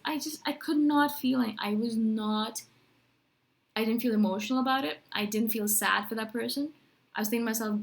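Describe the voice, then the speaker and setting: A woman's voice: mid-range voice, fairly quick. A woman vlogging to camera in a casual, rambling monologue, full of "like" and "right?" asides. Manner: animated, rambling, lots of "like" and "right?".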